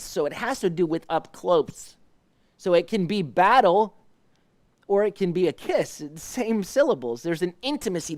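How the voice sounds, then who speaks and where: Leading a live devotional Bible study, a male pastor paraphrases verses in a soft, pleading voice and explains Hebrew words, restarting himself many times. His voice is mid-range and the recording is dry.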